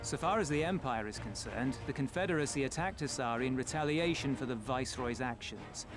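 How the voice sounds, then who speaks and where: A composed, formal rebel leader, voiced by a man speaks in measured tones in a game scene. Clear game music runs underneath his lines. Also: mid-range voice, animated, natural voice.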